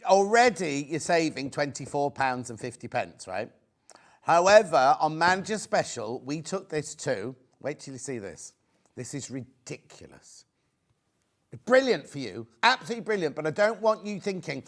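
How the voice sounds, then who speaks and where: Excitable shopping channel host. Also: male voice, on the high side, moderate pace. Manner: excitable, rambling, pleading with viewers. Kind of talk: live home-shopping sales pitch. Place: TV studio.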